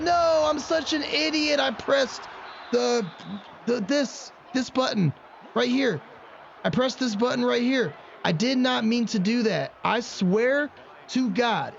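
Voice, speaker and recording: Excitable high-voiced man, muffled audio. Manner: excitable, swings into frustrated self-mocking rants. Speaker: gaming channel host. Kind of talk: video game let's-play commentary. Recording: muffled lo-fi audio with faint background noise.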